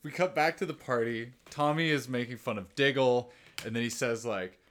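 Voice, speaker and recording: A man co-hosting a casual chat show, recapping a TV episode in a relaxed, rambling way full of fillers. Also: medium pitch, moderate pace. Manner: relaxed, filler-heavy storytelling with lots of "like". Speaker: podcast co-host.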